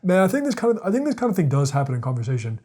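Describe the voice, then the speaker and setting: A man hosting a podcast, thinking out loud in a rambling casual monologue, repeating words and using lots of fillers. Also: a little high, huge pitch swings, very fast. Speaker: podcast host. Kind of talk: casual monologue, reading quotes aloud.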